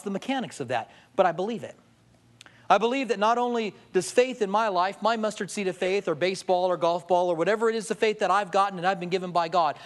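A male pastor preaching a sermon, telling humorous stories and acting out quotes. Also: high-pitched. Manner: storytelling with jokes, lively acted-out quotes.

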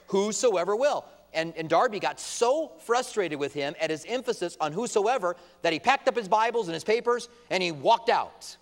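Impassioned high-voiced preacher in a hall. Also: male voice. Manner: impassioned, rising to emphatic outbursts, quotes opponents in mock voices. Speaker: pastor. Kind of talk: sermon. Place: church sanctuary at a pulpit. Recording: long reverb of a large hall.

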